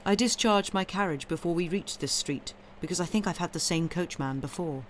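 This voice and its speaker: A woman voicing a nervous, secretive young woman in a read-aloud story, anxious and hushed. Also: on the low side, a little fast, slight background noise, natural voice.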